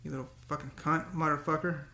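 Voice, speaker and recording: A man's voice: on the high side, level tone, fast, bright, forceful tone, roomy sound. A man talking to the camera in a casual, rambling monologue, often repeating words and breaking into cursing rants. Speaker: vlogger.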